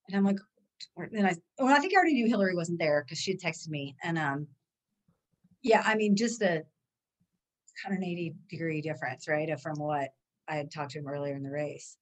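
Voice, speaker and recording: A woman on a podcast, casually and lively telling how her husband called her during a race. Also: low voice, normal speed, long pauses. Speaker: podcast guest, runner's wife.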